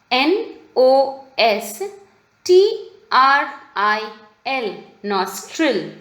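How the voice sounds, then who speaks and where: A woman teacher giving a recorded video lesson for children, speaking slowly and spelling words out letter by letter. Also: on the high side. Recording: roomy echo.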